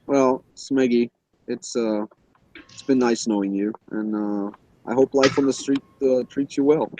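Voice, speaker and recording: A man's voice: medium pitch, fairly even intonation, measured pace, noisy background. A man in casual chat, teasing a friend with dry ribbing and stammered restarts.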